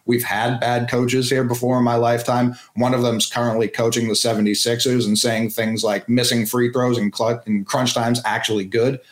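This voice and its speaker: A man's voice: medium pitch, echoey room. A man from the Boston area, a guest on a sports talk show, giving blunt, opinionated takes.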